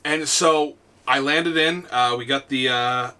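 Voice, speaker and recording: A man's voice: mid-range voice, unhurried, clear, resonant tone. A young man hosting a casual podcast, telling stories animatedly with lots of restarts and some swearing. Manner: animated storyteller with frequent restarts and profanity. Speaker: podcast host. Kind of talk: casual chat.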